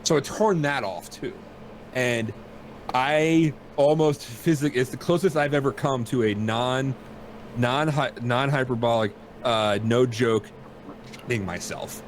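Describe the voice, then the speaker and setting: A man's voice: medium pitch, unhurried, slight background noise. A man hosting a podcast from home, telling a rambling, self-deprecating story in casual chat. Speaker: podcast host.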